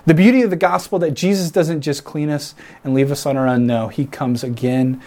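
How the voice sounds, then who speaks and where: A man's voice: on the high side, fairly even intonation, brisk, mellow. Earnest man preaching a sermon. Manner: earnest, builds emphasis through repetition; reflective, imagines himself in the scene. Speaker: pastor.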